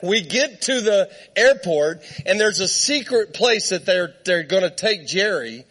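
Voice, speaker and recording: A man preaching in church, telling a funny story with lots of laughter and animated quoted voices. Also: high-pitched, measured pace. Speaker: guest preacher. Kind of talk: storytelling sermon.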